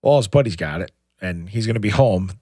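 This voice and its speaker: A man's voice: lowish voice, animated, fairly quick, darkish tone, dry recording, studio quality. A middle-aged man co-hosting a podcast, telling a long family story in casual chat with many restarts and "you know"s. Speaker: podcast co-host.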